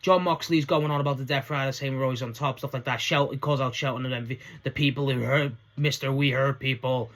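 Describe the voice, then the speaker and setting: A man's voice: medium pitch, fairly even intonation, fast talker, few pauses, a bit bright. A man giving a casual solo recap of a wrestling show, rambling enthusiastically and swearing now and then.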